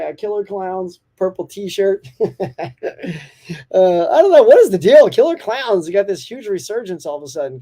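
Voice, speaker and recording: Man, live-stream host, casual morning chat, upbeat, laughs a lot, mellow voice, answers viewer comments. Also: sits high. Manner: upbeat and chatty, laughs often.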